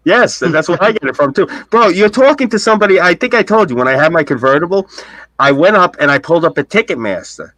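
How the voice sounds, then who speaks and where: A man chatting casually on a live stream, spinning animated stories and acting out the people in them. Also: sits high, fast talker, dry recording, rough recording. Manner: animated storyteller who acts out the people in his stories. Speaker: guest storyteller.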